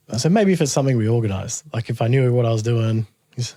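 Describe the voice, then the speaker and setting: A man's voice: mid-range voice, fast, no echo. A man, a guest musician, telling a story in a casual interview, laughing often and acting out what people said. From Australia. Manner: animated, laughing storyteller who acts out quotes.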